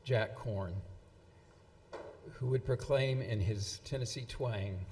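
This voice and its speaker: A man's voice: medium pitch, slow, pauses often, a little mellow. A man giving a speech at an anniversary event, reading quotes with frequent fillers and restarts. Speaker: event presenter. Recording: long hall reverb.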